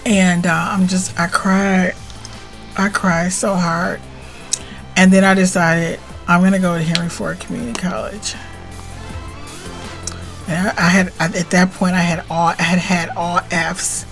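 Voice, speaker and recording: A middle-aged woman telling a personal story on her video blog, swinging between plain recollection and tearful, animated outbursts. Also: a little slow, pauses often, soft background music. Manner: emotional, animated retelling with rising pitch and tearful outbursts. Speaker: spiritual vlogger.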